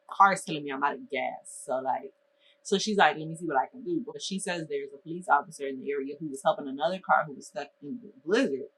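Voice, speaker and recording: A young adult woman from Minnesota telling a storytime vlog in a lively, exasperated way, full of casual slang. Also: low voice, a little hiss or hum, poor audio.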